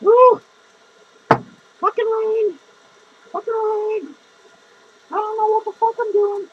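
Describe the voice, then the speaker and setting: A man's voice: very high-pitched, flat delivery, slow pace, lo-fi sound. A man playing a foul-mouthed, drunk, lonely female clown who rambles, curses constantly and grumbles through a comic podcast monologue. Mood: cranky. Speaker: podcast host character. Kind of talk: improvised comedy monologue.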